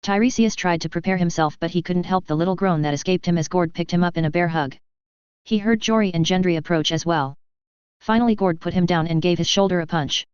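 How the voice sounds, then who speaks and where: A woman reading a fantasy fan fiction story aloud with steady, even storytelling delivery. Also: fairly low pitch, a little fast, smooth, no echo. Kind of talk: scripted story narration. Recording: slightly dull, dry lo-fi recording.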